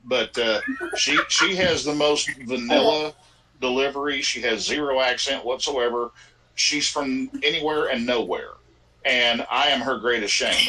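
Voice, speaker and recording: A man's voice: medium pitch, bright, forceful tone, low-quality recording. A man from Arkansas with a Southern accent, chatting casually with a folksy, wisecracking manner. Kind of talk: casual chat.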